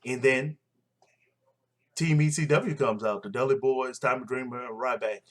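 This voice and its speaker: Casting: man, mid-pitched, opinionated recap vlogger, loose rambling delivery. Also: moderate pace. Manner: blunt, opinionated, rambling with fillers. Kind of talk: casual show recap.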